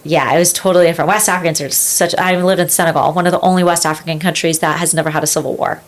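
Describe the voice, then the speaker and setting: A woman's voice: on the low side, steady tone, racing. A woman in her thirties, a podcast guest, telling her story in a rambling, casual way with lots of fillers. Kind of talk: casual interview conversation.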